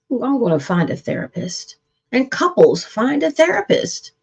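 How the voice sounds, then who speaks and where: A woman's voice: a little high, very animated, normal speed, creaky, darkish tone, slightly rough. A woman therapist hosting a live-streamed relationship talk, speaking earnestly and repeating points with preacher-like emphasis. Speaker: therapist and show host.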